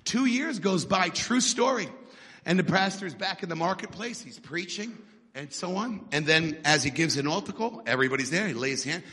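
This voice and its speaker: A man preaching a fiery sermon, often shouting and building to fervent peaks. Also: high voice, expressive, normal speed, breathy edge, big-room sound.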